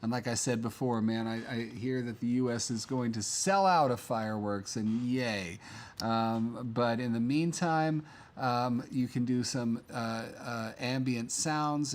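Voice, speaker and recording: Chatty man hosting a live stream, rambling and casual, mid-pitched voice. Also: normal speed. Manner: chatty, rambling, many fillers. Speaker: livestream host.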